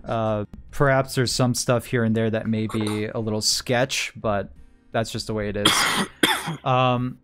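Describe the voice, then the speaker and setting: A man's voice: fairly low pitch, fairly even intonation, a little slow, a bit bright, soft background music. A man narrating a tabletop game as game master, rambling through his descriptions with frequent fillers and restarts.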